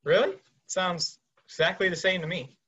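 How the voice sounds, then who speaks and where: A man's voice: high-pitched, normal speed, fairly bright tone, husky, highs cut off. A man reading a dim young male actor who stays bluntly clueless, over a video call. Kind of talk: amateur scene reading.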